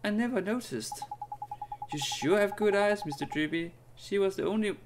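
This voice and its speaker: A man's voice: sits high, moderate pace, noisy background, voice pushed up, close to an everyday voice. A man doing an earnest young boy hero. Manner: earnest, sincere, eager. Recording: game music behind the voice.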